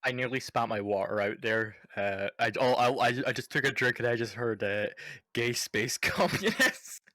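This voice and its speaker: Man, casual podcast chat, bright sharp tone, dry, stammering, laughing. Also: fairly low pitch, steady tone, a little fast, no room sound. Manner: laughs often, stammering repeats. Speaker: podcast co-host.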